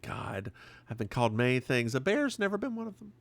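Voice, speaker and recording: A man's voice: medium pitch, big pitch swings, a little fast, gravelly, no room sound. A man co-hosting a podcast, chatting casually with sassy, campy banter while recapping an episode. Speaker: podcast co-host.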